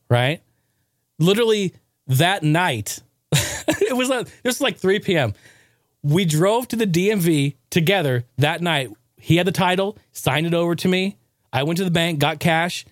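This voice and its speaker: A man hosting a podcast, telling a long personal story in a rambling, animated way, swearing casually, with lots of fillers and restarts. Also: on the high side, no room sound, studio quality. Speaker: podcast host.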